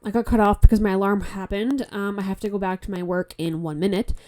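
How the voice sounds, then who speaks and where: Podcast host: a worn-out woman from Canada with a blocked nose, mellow tone, blunt and profane, chatting solo into a phone. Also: mid-range voice, fairly even intonation, quick pace. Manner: rambling, frank, swears often. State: stuffy nose; tired. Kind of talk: casual solo podcast chat. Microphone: phone mic.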